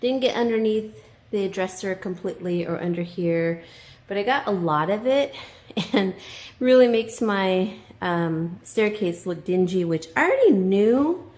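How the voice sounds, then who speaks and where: A chatty woman talks through a DIY painting job inside her house, her voice sitting at an ordinary middle pitch. She rambles with fillers and quick little laughs, sounding rushed to finish before time runs out. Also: lively intonation, a little mellow. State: hurried, under time pressure. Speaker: DIY vlogger. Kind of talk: casual vlog narration while painting. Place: inside a house, on the stairs and landing.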